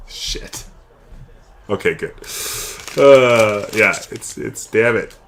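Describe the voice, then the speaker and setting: A man's voice: lowish voice, a bit bright, a little hiss or hum. A young man hosting a live card-opening stream, chatting and calling out each card as he pulls it. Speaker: card break host.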